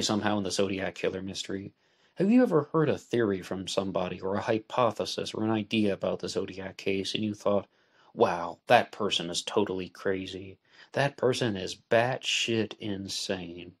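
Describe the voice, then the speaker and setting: Low-voiced man hosting a podcast. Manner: measured, deliberate, spells out letters. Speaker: podcast host. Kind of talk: solo podcast book discussion.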